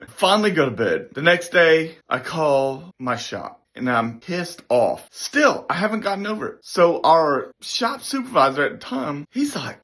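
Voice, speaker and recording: A man's voice: a little high, moderate pace, few pauses. A middle-aged man casually telling a story, swearing freely and acting out what others said. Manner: animated, swears freely, acts out others' lines. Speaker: storyteller recounting a military prank.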